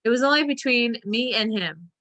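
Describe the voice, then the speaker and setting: A woman's voice: a little high, expressive, moderate pace, a bit bright, dry recording, pitched above the performer's own voice. A woman doing an earnest young boy. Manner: grave and pleading.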